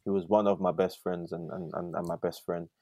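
A man, talking as a podcast guest over a laptop video call, halting with many restarts and fillers. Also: low-pitched, level tone, darkish tone, dry recording, clean studio sound. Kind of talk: casual conversational interview.

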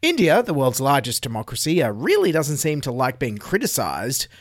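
A man's voice: medium pitch, huge pitch swings, normal speed, dry recording, clean studio sound. Sarcastic Australian man hosting comedy news. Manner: sarcastic, wry asides. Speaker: comedy news podcast host. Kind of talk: satirical news commentary.

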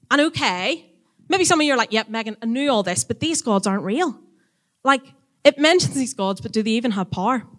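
A woman teaching a church audience in a casual, chatty sermon, lively and quick to act out voices when retelling stories. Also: fairly high pitch.

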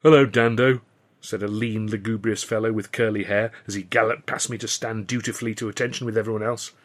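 A man narrating his own serialized novel in the first person, wry and measured. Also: fairly low pitch, flat delivery, a bit bright. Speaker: author and reader of a serialized novel.

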